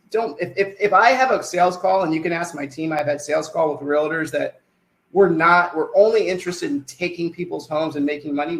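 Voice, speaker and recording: Man giving a webinar sales pitch. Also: fairly bright tone, roomy sound, poor audio. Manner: talks to attendees, asks questions, answers them himself. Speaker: sales presenter.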